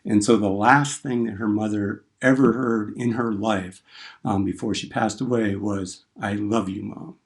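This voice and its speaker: Lower-voiced man lecturing through a story. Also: fairly even intonation, unhurried. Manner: conversational storyteller, acts out quoted lines. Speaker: instructor. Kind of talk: classroom lecture on speechmaking.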